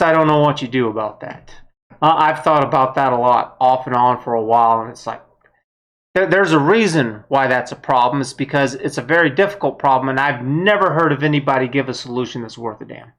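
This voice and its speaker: A woman's voice: low-pitched, a bit bright. A woman giving a blunt, heated political opinion monologue, with some mild swearing. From United States. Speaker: vlogger.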